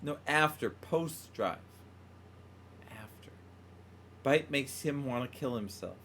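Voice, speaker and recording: A man hosting a casual podcast, cursing and needling his partner. His voice is bright and sharp, with a light hiss of noise underneath. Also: medium pitch, lively intonation, slow. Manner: profane, teasing. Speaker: podcast host. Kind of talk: casual banter.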